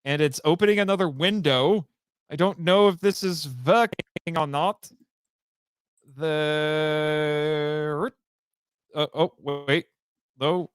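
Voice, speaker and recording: A man hosting a casual livestream chat, easygoing and quick to laugh. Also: on the high side, fairly even intonation, clean tone, dry recording, clean studio sound.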